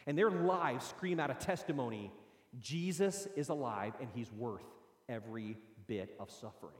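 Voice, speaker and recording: A man preaching a sermon as pastor, swinging between loud, high proclaiming and low, quiet asides. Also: expressive, normal speed. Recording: roomy hall with long reverb.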